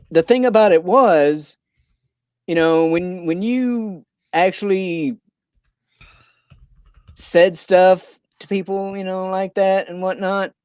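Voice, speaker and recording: A man's voice: high voice, a little mellow, clean tone, no room sound. A man from Missouri hosting a casual livestream chat, rambling with lots of fillers and restarts. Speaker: livestream host.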